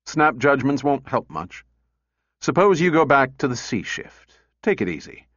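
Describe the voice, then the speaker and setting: A man doing a gruff, sardonic engineer. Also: mid-range voice, very animated, a bit bright, dry recording, muffled recording. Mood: brisk. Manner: brisk, impatient. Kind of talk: audiobook character reading.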